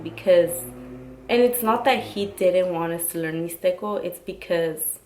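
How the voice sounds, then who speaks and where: A woman's voice: lowish voice, fairly even intonation, unhurried, slight background noise, low-quality recording. A woman in her twenties chatting casually to her vlog audience, full of "like" fillers and Spanish words. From Oaxacan family, raised in the US. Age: 20s. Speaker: YouTuber.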